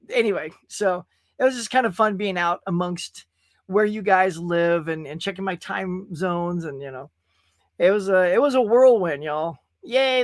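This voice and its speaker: A man's voice: high voice, a bit bright, no room sound, studio quality. A man hosting a casual livestream show, chatting in a rambling way and reading viewer messages aloud. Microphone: webcam stream setup.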